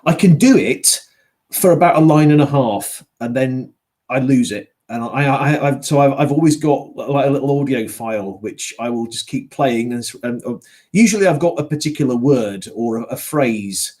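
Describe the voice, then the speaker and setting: A man's voice: medium pitch, lively intonation, moderate pace, a little mellow. A middle-aged man from Yorkshire who narrates audiobooks, chatting loosely with a lot of fillers and restarts. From Yorkshire, England. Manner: rambling, many fillers and restarts. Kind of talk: casual conversation, online book club.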